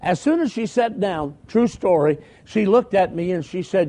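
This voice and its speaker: A man's voice: high-pitched, moderate pace, hardly any pauses, mellow. An older man preaching, telling folksy stories in a conversational way and calling out for amens. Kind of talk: storytelling sermon.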